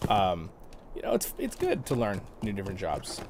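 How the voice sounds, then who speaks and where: A man talks his way through a game on a livestream, loose and rambling, breaking into laughs as he goes. His pitch swings a lot, rising and dipping as he tells stories. There is a faint hiss behind him. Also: wildly swooping pitch, moderate pace. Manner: chatty and rambling, laughs often. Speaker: livestream host and guide. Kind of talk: casual gameplay commentary.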